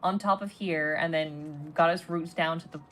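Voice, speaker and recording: A woman's voice: low-pitched, fairly even intonation, normal speed, fairly bright tone. A woman streamer chatting playfully and rambling while playing a game. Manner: playful, rambling, many restarts. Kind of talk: casual gaming stream chat.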